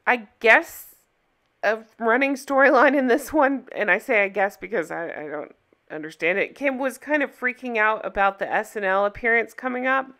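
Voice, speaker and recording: A woman's voice: fairly high pitch, normal speed, sharp tone. A woman hosting a reaction video, talking casually with sarcastic disbelief. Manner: sarcastic, incredulous. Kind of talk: casual commentary.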